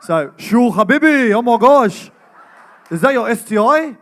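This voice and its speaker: A man's voice: very high voice, animated, unhurried, voice pushed up. An actor putting on a brash young western Sydney man's voice and slang for laughs. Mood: boisterous. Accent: Western Sydney Lebanese-Australian slang put on. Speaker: guest actor.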